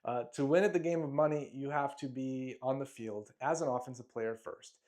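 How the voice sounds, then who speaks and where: A man's voice: medium pitch, moderate pace, a little mellow. A man reading aloud from his own money booklet in a motivational style, emphatic and declamatory, with short punchy phrases and the odd off-script aside. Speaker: self-help speaker.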